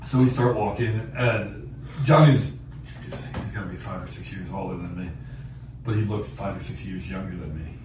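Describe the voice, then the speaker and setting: Guy telling a hunting story on a podcast, low-ish voice, real echoey room, mic kinda far, noisy. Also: normal speed. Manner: animated, laughs often, acts out quotes. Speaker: podcast host. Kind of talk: casual storytelling. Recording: echoey distant mic with background noise.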